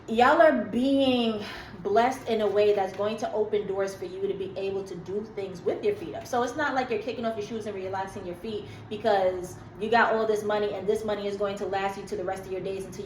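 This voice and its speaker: A woman's voice: medium pitch, slight background noise. Chatty woman tarot reader, echoey room. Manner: chatty, emphatic, slangy, laughs at herself. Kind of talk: casual tarot reading to camera.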